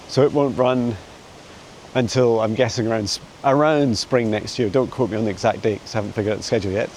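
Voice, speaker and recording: A man answering viewer questions as a psychic mentor in a casual vlog. He talks in a meandering, chatty way with frequent soft laughs, recorded on a handheld phone camera while walking a dog in a forest. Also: medium pitch, slight background noise, rough recording. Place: forest outdoors.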